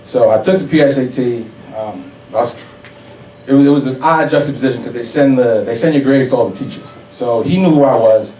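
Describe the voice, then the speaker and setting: A man's voice: medium pitch, a little fast, slight background noise. Young man from New York telling a profane story live, miked from a distance in an echoey hall. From New York City. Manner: profane, animated, laughing audience reactions. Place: stage before a live audience. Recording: roomy hall, mic at a distance. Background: audience laughter.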